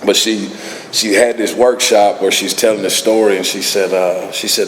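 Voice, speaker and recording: A man's voice: lowish voice, steady tone, normal speed. A man giving a laid-back recovery talk at a meeting, laughing often as he tells stories. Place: meeting hall. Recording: echoey hall, faint ambient noise.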